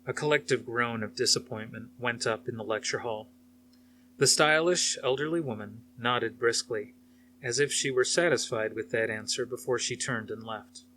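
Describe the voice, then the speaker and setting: A man narrating a novel aloud in a steady, plain storytelling manner. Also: mid-range voice, moderate pace, slight background noise.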